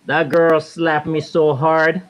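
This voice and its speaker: A man in his thirties from the Virgin Islands, with a Caribbean accent, tells a laid-back, animated story as a guest on a casual panel. His voice sits fairly high and he speaks slowly, with slight background noise.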